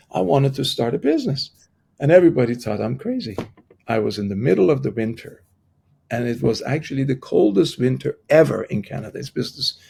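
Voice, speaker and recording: A middle-aged man, a podcast guest, telling a personal story in conversation. He speaks haltingly with frequent restarts and acts out the people he quotes. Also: mid-range voice, vocal fry, darkish tone, husky.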